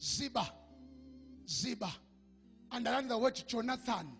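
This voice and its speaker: A South African man preaching a sermon, shouting and drawing out his lines and calling on the reader between verses. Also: very high voice, animated, measured pace, vocal fry, dull audio, soft background music. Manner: mixes languages, shouts and draws out lines, calls the reader on.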